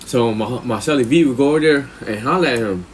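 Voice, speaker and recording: A man's voice: mid-range voice, quick pace, slight background noise. A man with a Californian accent telling a long prison story to a live chat, slangy and profane, often restarting his sentences. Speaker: live streamer.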